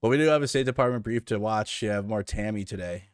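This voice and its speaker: Male streamer reacting to news, fairly low voice, dry close mic, sarcastic and rambling. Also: quick pace, clean tone, no echo. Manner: sarcastic, rambling, with frequent restarts. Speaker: political commentary streamer. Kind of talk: casual reaction commentary.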